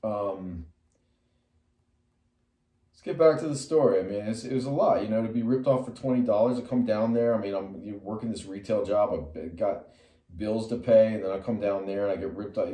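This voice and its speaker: Speaking at normal speed in a mellow, darker voice, a middle-aged metal musician and artist rambles through a personal story on camera, chasing tangents, restarting sentences and relying on fillers. Acting out his own words, he jumps high and loud. He sits well back from the mic in an echoey room.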